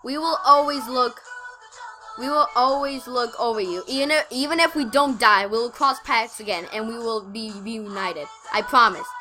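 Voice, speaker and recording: A woman's voice: on the high side, moderate pace, bright, forceful tone, soft background music. A woman voicing a protective young male wolf pup who talks urgently to his sister.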